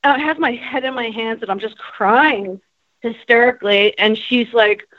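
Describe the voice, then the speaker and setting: A woman's voice: a little high, moderate pace, no echo, lo-fi sound. A woman from New Jersey, a musician guest telling her story bluntly with plenty of swearing. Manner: blunt, profane, animated storyteller. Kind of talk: candid storytelling.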